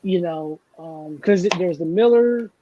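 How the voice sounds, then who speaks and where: A man's voice: high voice, unhurried, narrow, tinny audio, slight background noise. A man hosting a casual chat and telling long, rambling, self-deprecating anecdotes, wired on coffee. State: over-caffeinated. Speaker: host.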